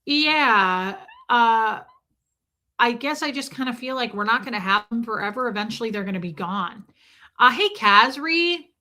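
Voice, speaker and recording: A middle-aged woman hosts a casual livestream, chatting freely and calling out viewers by name. Her voice sits a little high and has a bright, forceful edge. She talks in an opinionated, conversational way. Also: animated, normal speed. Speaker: livestream host. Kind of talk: casual livestream chat reading viewer comments.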